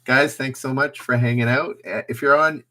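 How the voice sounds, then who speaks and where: A man's voice: mid-range voice, fairly even intonation, normal speed, bright, forceful tone. A man hosting a trivia livestream, chatting casually with viewers and thinking aloud as he reads questions.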